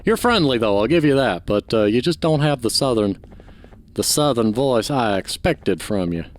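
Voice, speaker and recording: A man's voice: mid-range voice, very animated, normal speed. Chatty man reviewing a game. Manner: chatty, critiquing, offhand. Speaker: gaming channel host. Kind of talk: let's play commentary.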